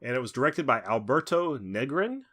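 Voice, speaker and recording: A man co-hosts a relaxed horror-movie podcast. He reads out release details in a bright, forceful voice and laughs often. His pitch sits at an ordinary middle level. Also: normal speed. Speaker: podcast co-host. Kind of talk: casual podcast chat.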